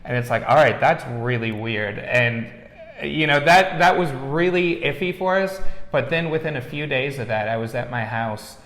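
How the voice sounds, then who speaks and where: A man's voice: medium pitch, moderate pace. A man talks easily through his stories, leaning on "you know" as he goes. He is the guest in an interview. The room is echoey, with a long reverb tail around his voice. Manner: relaxed storyteller, frequent "you know". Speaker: museum owner, interviewee. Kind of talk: casual interview chat.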